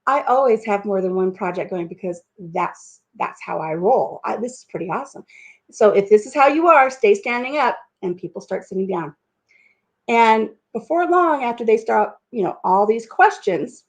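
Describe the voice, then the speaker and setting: A woman's voice: on the high side, lively intonation, normal speed. A middle-aged woman hosting a casual live stream at home over coffee, rambling from one tangent to the next. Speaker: livestream host. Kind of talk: casual chat.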